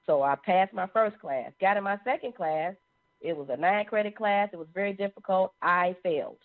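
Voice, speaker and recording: A woman sharing a personal testimony in an animated storytelling manner. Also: medium pitch, moderate pace. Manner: animated, acts out quoted voices. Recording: phone-like narrow sound.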